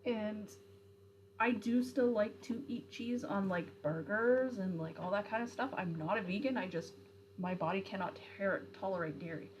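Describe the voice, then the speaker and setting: This streamer, a young woman with a medium-pitched voice, talks at normal speed over poor audio with slight background noise. Chatty and rambling, she peppers her answers to viewer comments with fillers and self-corrections.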